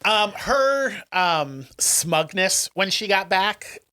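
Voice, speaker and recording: A man's voice: high-pitched, lively intonation, drawn-out words, pushed and bright, a little hiss or hum. A man co-hosting a podcast, ranting with snark and swearing in casual chat. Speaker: podcast co-host.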